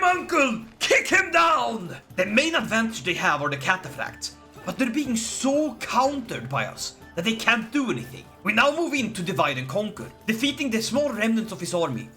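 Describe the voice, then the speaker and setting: A man giving excitable, theatrical let's-play commentary over a strategy game, mock-heroic and quick to yell at his foes. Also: sits high. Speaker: gaming commentator.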